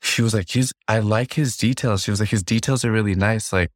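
A young man co-hosting a casual podcast, telling an animated story and jumping into a high voice whenever he quotes someone else. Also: a little fast, dry recording, studio quality. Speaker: podcast co-host. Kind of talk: casual chat. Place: a room at home.

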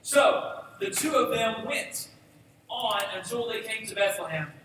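Man preaching in a church, high voice, joking asides, big echoey hall, kinda far from the mic. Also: measured pace, a little hiss or hum. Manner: relaxed, joking asides to the congregation. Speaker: pastor. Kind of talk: sermon with scripture reading. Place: church sanctuary.

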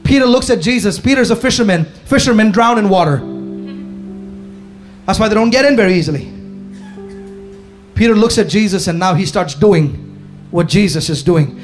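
A man preaching to a congregation as pastor, impassioned, swinging from shouts to hushed tones. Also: high voice, brisk, faint music behind. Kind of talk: sermon. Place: church hall before a congregation.

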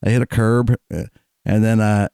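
A man's voice: on the low side, flat delivery, moderate pace, gravelly, dark tone, smooth, dry recording, clean studio sound. A man co-hosting a podcast, telling stories in a casual, profane way and laughing often. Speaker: podcast co-host. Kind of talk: casual chat.

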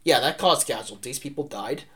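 Bright, energetic male co-host; animated and rambling storyteller who keeps checking in with "right?". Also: mid-range voice, a little fast. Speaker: podcast co-host. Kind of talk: casual history discussion.

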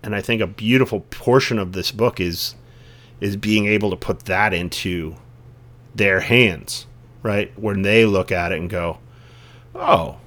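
A man's voice: fairly low pitch, measured pace, fairly bright tone. A man hosting a casual podcast conversation, talking in an earnest, reflective way in long, searching sentences. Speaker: podcast host.

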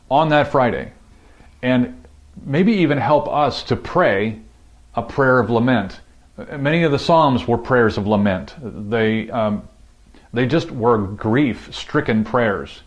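A man preaching as pastor in a reflective, measured way, pausing with fillers. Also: medium pitch, animated. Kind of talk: sermon.

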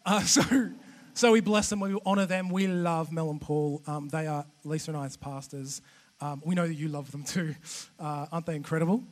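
A man with an Australian accent giving a humorous, chatty sermon as a guest preacher, animated and self-deprecating with many restarts. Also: on the high side, moderate pace. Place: church auditorium. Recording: long church hall reverb.

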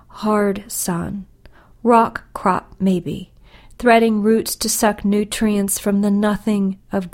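A woman poet talking about her work and reading her own poem in a slow, deliberate, soft voice with whispery passages. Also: medium pitch.

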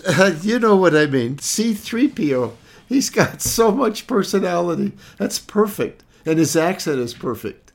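A man's voice: high-pitched, very animated, measured pace, gravelly, hardly any pauses. A male co-host in casual chat, giggly and enthusiastic. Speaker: podcast co-host.

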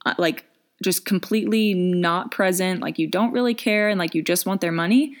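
A woman's voice: fairly low pitch, normal speed. A young woman in her twenties giving casual business coaching advice, chatty with lots of fillers and restarts.

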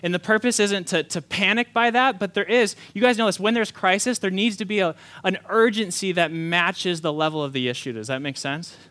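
A man, preaching a sermon and telling a story quickly with many fillers. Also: high voice. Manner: hushed, slow prayer. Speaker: pastor. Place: church hall.

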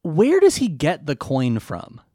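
Casual male podcast co-host, lively pitch and playful delivery, dry close mic. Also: measured pace, slightly rough, no room sound. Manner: animated, breaks into goofy character voices and laughs. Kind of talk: casual chat recapping a show.

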